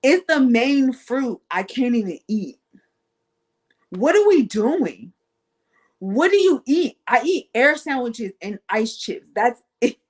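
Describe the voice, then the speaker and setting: A woman with speech talks in a casual, self-mocking monologue. She's playful and animated, her voice swinging up and down as she tells her stories. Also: fairly high pitch, slow pace, breathy edge. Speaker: guest on an online talk show.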